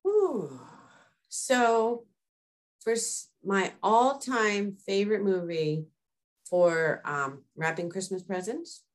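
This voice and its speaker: A woman in casual conversation, telling personal stories in a chatty, animated way. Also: medium pitch, slow pace. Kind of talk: casual chat.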